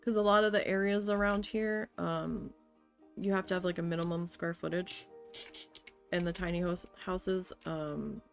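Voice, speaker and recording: A woman's voice: on the low side, steady tone, normal speed, soft background music. A woman streamer telling a story in casual chat while she plays, blunt and swearing often. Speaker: game streamer.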